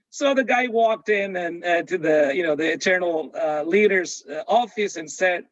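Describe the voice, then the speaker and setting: A man speaking at a college conference, telling students a parable in a halting, storytelling way. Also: high-pitched, dry recording, muffled recording. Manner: storytelling, halting with fillers and repeats. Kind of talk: motivational talk to students with a parable.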